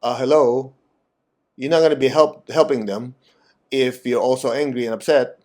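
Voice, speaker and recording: A man giving a spiritual talk and guided meditation, direct and animated, asking his listeners teasing questions. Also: medium pitch, normal speed. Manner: animated, acts out quoted voices. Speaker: meditation teacher.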